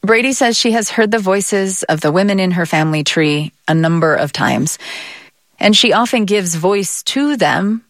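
A woman narrating and interviewing for a radio feature, measured and explanatory. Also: medium pitch, animated, no room sound, studio quality.

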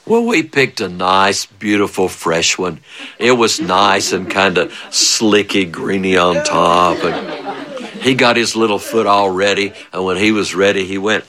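A man telling a funny childhood story, animated and chuckling often, with big swings of voice. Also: lowish voice, unhurried, crowd noise. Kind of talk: spoken storytelling.

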